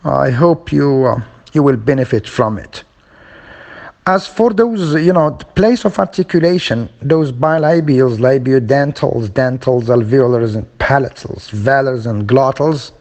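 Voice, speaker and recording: Lively-voiced man teaching phonology. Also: medium pitch, unhurried. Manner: demonstrates intonation with exaggerated example sentences. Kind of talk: phonology lesson.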